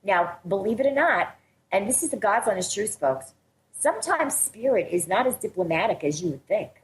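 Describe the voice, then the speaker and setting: A woman's voice: medium pitch, expressive, normal speed. A woman hosting a psychic radio show, talking in an earnest, emphatic way and laughing often. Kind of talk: radio talk show chat. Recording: echoey studio with faint hiss.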